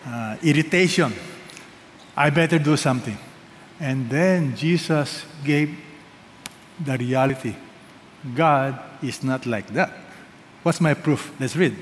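A man's voice: mid-range voice, takes it slowly. A man preaching a sermon, emphatic and leading the congregation to repeat phrases after him. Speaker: pastor. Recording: reverberant hall with faint noise.

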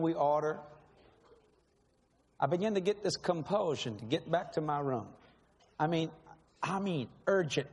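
A man's voice: fairly high pitch, a little mellow. A man preaching a sermon, telling a personal testimony in a dramatic, emphatic way and laughing often. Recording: long hall reverb, faint background hiss.

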